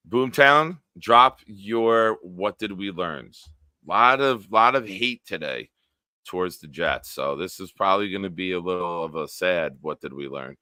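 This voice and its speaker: Young guy hosting a sports live stream, low bright voice, jokes around reading out chat. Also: dry recording. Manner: jokey, reads out viewer comments. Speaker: sports podcast host.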